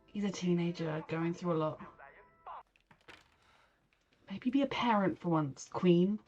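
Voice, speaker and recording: A muffled recording with soft background music captures an English woman reacting casually to a show. Her voice sits on the low side, a little mellow and moderately paced, as she rambles emotionally and imitates people in mock voices.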